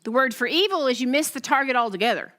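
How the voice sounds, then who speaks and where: A woman pastor, giving a testimony sermon to her congregation as an animated storyteller who acts out the voices she quotes. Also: sits high, fast.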